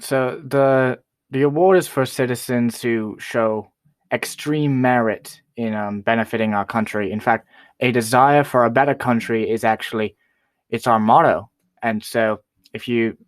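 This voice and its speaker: A man's voice: mid-range voice, dry recording, studio quality, natural voice. A man playing a boastful, self-important rapper who is a guest on a comedy talk show. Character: boastful young male Canadian rapper, royalist.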